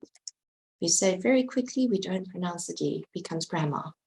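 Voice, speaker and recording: A woman teaching a slow, careful vocabulary lesson, patiently sounding out and spelling words letter by letter. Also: on the low side, creaky, dark tone, rough recording. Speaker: English teacher.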